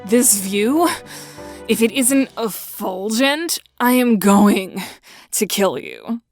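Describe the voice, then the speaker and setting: A man's voice: high-pitched, expressive, slow, faint music behind, pitched above the performer's own voice, heavily acted. A man voicing a sardonic woman near forty in a fan audio drama, breathless and sarcastic. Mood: exasperated. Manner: sarcastic, exasperated.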